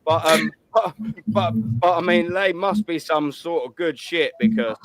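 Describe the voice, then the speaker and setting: A man's voice: fairly high pitch, a little slow, a crowd in the background. A man, hosting a casual call-in chat with blunt, sweary banter. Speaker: host.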